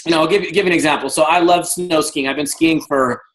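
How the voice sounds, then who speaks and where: Man, 50s, guest speaker, energetic storyteller, video call audio, slightly high voice. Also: brisk, low-quality recording. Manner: energetic storyteller, acts out dialogue. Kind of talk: motivational talk on a video call.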